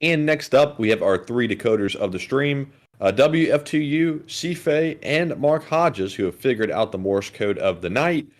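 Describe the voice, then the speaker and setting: A man co-hosting a live stream, reading viewer messages in a deliberate way while adding inflection to avoid monotone. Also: medium pitch.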